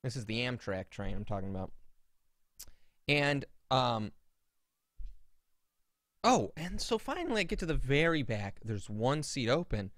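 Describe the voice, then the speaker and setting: A man's voice: medium pitch, unhurried, pauses often, no echo, clean studio sound. A man co-hosting a podcast in casual chat, telling stories with indignation and acting out what people said. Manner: animated, indignant storyteller who acts out quotes. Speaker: podcast co-host.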